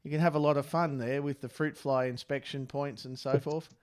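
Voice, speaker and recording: Wry Australian host spinning a yarn. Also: male voice, mid-range voice, fairly even intonation, fairly quick. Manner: wry, teasing. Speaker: podcast host. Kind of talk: casual storytelling.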